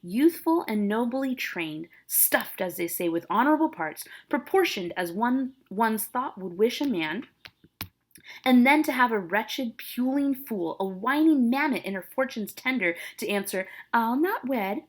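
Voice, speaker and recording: An angry, domineering father scolds his disobedient daughter, as a woman teacher reads his lines aloud. The delivery is loud and indignant, climbing higher and more forceful at each outburst. This is a classroom read-through, not a staged performance. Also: big pitch swings, unhurried, hardly any pauses, slightly rough, exaggerated voice. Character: angry domineering father, middle-aged man.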